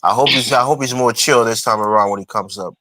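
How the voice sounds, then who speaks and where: A man hosting a livestream, chatting casually with quick, joking reactions. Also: medium pitch, bright, forceful tone, no room sound. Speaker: livestream host. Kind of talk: casual chat.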